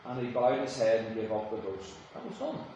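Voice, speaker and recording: Preacher in an echoey church. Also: male voice, fairly low pitch, sing-song, a little fast, warm tone, dull audio, slight background noise. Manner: conversational storytelling with emphatic rises. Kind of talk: sermon. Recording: echoey room, voice from a distance.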